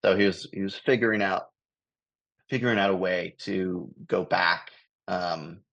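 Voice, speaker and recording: A man's voice: low-pitched, measured pace, gravelly, fairly bright tone, highs cut off. An American man from Los Angeles, a touring comedian, telling a rambling story on a video call, chuckling often. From Los Angeles, USA. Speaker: guest, touring improv comedian. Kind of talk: casual storytelling.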